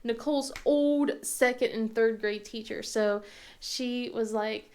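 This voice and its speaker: A woman in her thirties chatting casually as a crafting channel host, rambling and halting with lots of fillers and restarts. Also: a little high, steady tone. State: tearful at times. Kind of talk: casual chat.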